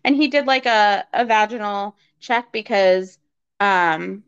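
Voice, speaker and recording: A woman's voice: mid-range voice, slow, clean tone. A woman as a guest, telling a personal story in conversation and acting out quoted dialogue with lots of fillers. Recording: slightly dull lo-fi recording.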